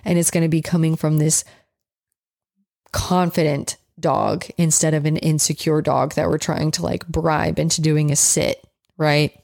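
A woman's voice: sits low, level tone, a little slow, vocal fry, darkish tone, dry recording, studio quality. A woman dog trainer giving casual coaching advice, chatty and direct, often checking in with "right?". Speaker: dog trainer, podcast host.

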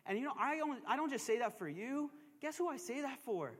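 Male pastor, sermon, very high pitch, chatty and emphatic with calls to the crowd, long church reverb. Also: expressive, fast, a little hiss or hum. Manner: emphatic preaching with call-and-response asides; joking, conversational asides. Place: church sanctuary.

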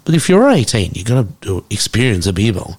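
Animated, sweary bloke. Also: male voice, on the low side, fairly quick. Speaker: podcast co-host. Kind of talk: casual chat.

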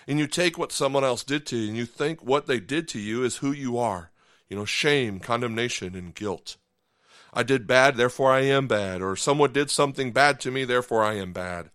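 A man's voice: medium pitch, normal speed, fairly bright tone, no echo, studio quality. A man preaching a sermon as pastor, telling a personal story earnestly and acting out the inner voices of his listeners.

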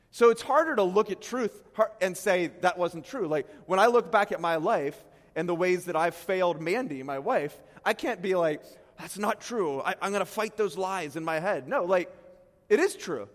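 Animated preacher, high lively voice, hall echo. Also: male voice, normal speed. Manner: animated, acts out quotes with sudden loud bursts, self-deprecating asides. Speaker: pastor. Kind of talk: sermon. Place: church stage. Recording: long hall reverb.

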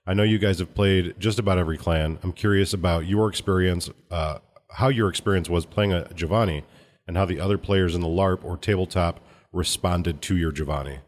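A man with a notably low, deep voice co-hosts a casual podcast. He reads a listener's letter aloud in a measured way and then talks it over in an easy, relaxed manner. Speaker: podcast co-host.

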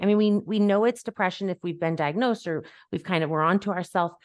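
A woman's voice: lowish voice, fast talker, dry recording, studio quality. A woman hosting a podcast as a life coach, talking casually and animatedly, acting out quoted voices and laughing easily. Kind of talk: casual conversational chat.

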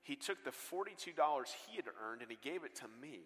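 A man preaching a sermon and telling stories with earnest swings between loud bursts and hushed lines, on a stage mic in a large church. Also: on the high side, expressive, a little fast. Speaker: guest pastor. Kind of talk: sermon storytelling. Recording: long hall reverb.

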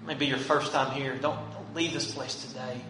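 A man's voice: mid-range voice, steady tone, a little fast, recorded from a distance. A male pastor preaching a sermon in a church, pleading earnestly with the congregation. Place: church sanctuary. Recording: echoey church room from afar, faint hum.

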